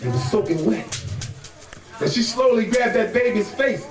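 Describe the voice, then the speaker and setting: A man's voice: sits high, animated, moderate pace. A man telling a folk tale live to an audience, dramatic and rhythmic, drawing call-and-response from his listeners. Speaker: storyteller. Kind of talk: live oral storytelling to an audience. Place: live performance venue. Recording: echoey room, voice from far off.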